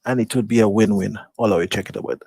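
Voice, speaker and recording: A man co-hosting a live talk show, playful and animated as he talks. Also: fairly low pitch, fast, creaky, no echo. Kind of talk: lively live-show banter.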